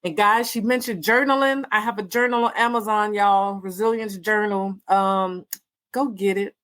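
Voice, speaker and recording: A woman podcast host, signing off with warm, repetitive encouragement and many fillers. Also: medium pitch, steady tone, moderate pace. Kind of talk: casual podcast sign-off.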